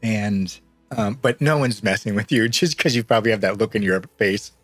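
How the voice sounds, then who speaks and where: A man's voice: fairly low pitch, normal speed, a bit bright, no room sound, soft background music. A man narrating as game master in a tabletop game, loose and rambling and often laughing.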